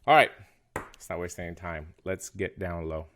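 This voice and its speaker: A man from the United States talks through a small device in a casual video review. His voice sits low. He is chatty and pokes fun at himself. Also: moderate pace, noisy background. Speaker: product reviewer.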